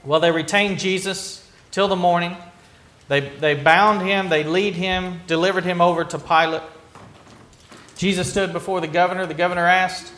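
A man's voice: high voice, fairly even intonation, moderate pace, fairly bright tone, slight background noise. A man preaching a sermon, retelling a scripture story earnestly, with frequent restarts. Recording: echoey room.

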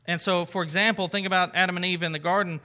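A man with a high, bright voice gives a casual, conversational sermon as a pastor. He talks earnestly, repeats and restarts phrases, and uses light everyday examples. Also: steady tone, fast.

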